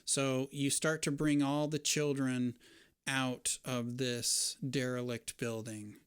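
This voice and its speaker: Smooth-voiced man running a tabletop game. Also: mid-range voice, takes it slowly, no room sound, studio quality. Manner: relaxed, descriptive, with casual fillers. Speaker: game master.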